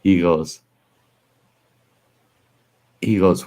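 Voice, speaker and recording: Deep gravelly man telling folksy stories. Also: unhurried. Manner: folksy anecdote teller, laughs at his own stories. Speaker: podcast host. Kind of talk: casual storytelling chat.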